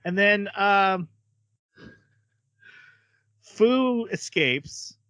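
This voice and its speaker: Bright-voiced man casually recapping. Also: high-pitched, animated, very slow, dry recording. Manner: chatty, hesitant with fillers, acts out quotes. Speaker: podcast host.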